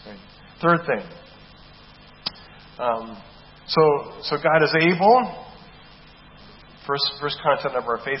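A man preaching a sermon with emphatic delivery, checking in with "right?" and slowing down to read scripture. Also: mid-range voice. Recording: dull echoey hall recording with faint hiss.

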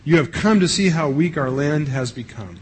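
A man reading out the lines of a stern, powerful male governor who accuses his visitors, speaking in slow, insistent accusations. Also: fairly high pitch, lively intonation, husky. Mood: accusing.

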